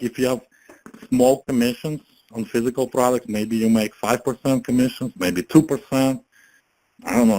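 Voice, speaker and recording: A man giving a casual motivational pitch as a network marketing promoter, chatty, laughing often and filling his talk with "you know" and "right?". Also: darkish tone, poor audio. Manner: chatty, laughs often, many fillers and tag questions.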